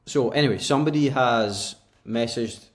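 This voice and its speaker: A man's voice: mid-range voice, normal speed. A Scottish man, co-host of a podcast, talking loosely and laughing easily over a remote call. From Scotland. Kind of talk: casual chat.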